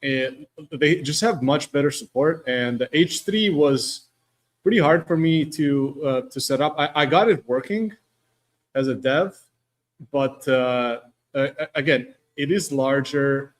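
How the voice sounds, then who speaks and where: A man's voice: mid-range voice, unhurried. Man chatting casually from home. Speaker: guest panelist. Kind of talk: casual tech chat. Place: at home with landscaping work outside.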